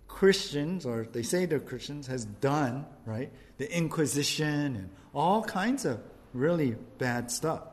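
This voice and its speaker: A man's voice: fairly high pitch, a little mellow. A male pastor giving a casual, conversational sermon and often speaking to the crowd as "you guys". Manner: conversational preaching, addresses the audience as "you guys".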